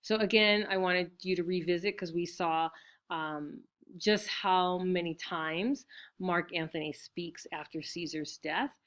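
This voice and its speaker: A woman's voice: on the low side, fairly even intonation, measured pace, a bit bright. A woman teacher giving a recorded lesson, explaining step by step with fillers and frequent "right?" check-ins.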